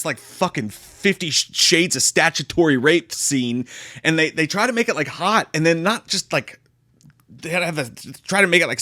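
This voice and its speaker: Guy ranting about a show, swears a ton, sarcastic and fed up, voice jumps all over, kinda high. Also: sharp tone, dry recording, clean studio sound. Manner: exasperated, sarcastic, heavy swearing. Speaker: movie reviewer. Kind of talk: profane comedic review rant.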